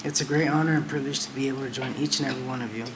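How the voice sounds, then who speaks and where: Late-teen student reading his award speech, nervous and laughing; mid-range pitch, noisy recording. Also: steady tone, rapid-fire. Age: late teens.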